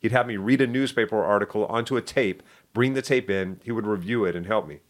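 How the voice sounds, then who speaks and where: Animated middle-aged male storyteller. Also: on the low side. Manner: animated, self-deprecating storyteller with quick asides. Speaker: interview guest. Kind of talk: casual storytelling interview.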